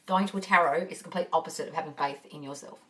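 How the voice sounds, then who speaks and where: Her low voice races along as she answers viewer questions live on her phone. She's a manifesting coach doing a Q&A chat, swearing freely and calling her audience darling, recorded a little away from the microphone.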